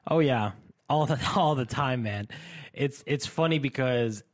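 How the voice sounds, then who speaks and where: A man's voice: mid-range voice, a little slow. A young man co-hosting a podcast, telling stories in casual chat with lots of fillers and frequent laughter. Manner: chatty storytelling, laughs often, many fillers. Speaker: podcast co-host.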